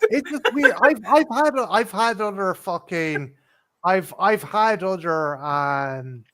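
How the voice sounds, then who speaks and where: A man's voice: high-pitched, lively intonation, takes it slowly, pushed and bright. A man with a Scottish accent chatting casually on a livestream, swearing freely and stammering when he gets worked up. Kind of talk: casual chat.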